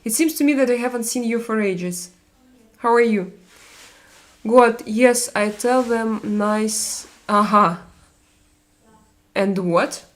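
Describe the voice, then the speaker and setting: A woman from Russia with a Russian accent, hosting a live stream and chatting with viewers, halting with many fillers and restarts. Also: on the high side. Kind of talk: casual chat reading viewer comments.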